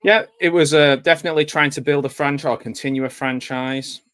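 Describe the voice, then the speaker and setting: A man's voice: a little high, steady tone, a little fast, fairly bright tone, smooth, no echo. A man giving a casual, joking live commentary over a film, chatty and wry with plenty of fillers. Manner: chatty and wry, with dry jokes and frequent fillers.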